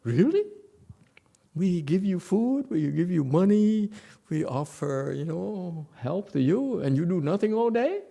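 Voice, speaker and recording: An indignant questioner who is pitched up high and sounds incredulous, as a man acts it out. He presses his demands in a raised, slightly gravelly voice. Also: sing-song, measured pace, dark tone, heavily acted.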